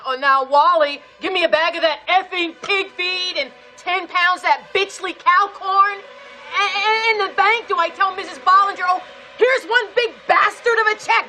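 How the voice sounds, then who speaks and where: A woman's voice: moderate pace, bright, forceful tone, soft background music. An actress playing a prim, doting middle-aged woman with a volatile temper, in a film scene. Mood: indignant. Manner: prim and sugary, then shrill and scolding. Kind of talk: film drama.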